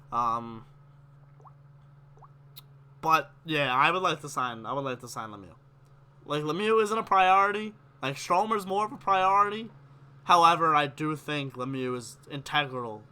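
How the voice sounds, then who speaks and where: Young male live-stream host, excitable and opinionated, bright tense tone. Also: mid-range voice, smooth. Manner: animated, gets worked up, reads chat questions aloud. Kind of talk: casual live-stream hockey chat.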